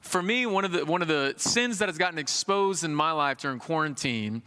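A man in his thirties preaching a sermon in an animated, conversational way, with folksy asides. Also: fairly high pitch, fairly quick, clear, resonant tone, big-room sound.

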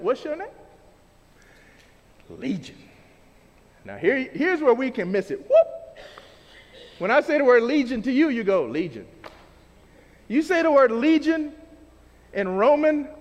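Male preacher, very high voice that swoops widely, casual slang-filled sermon delivery, heard in a hall with long reverb.

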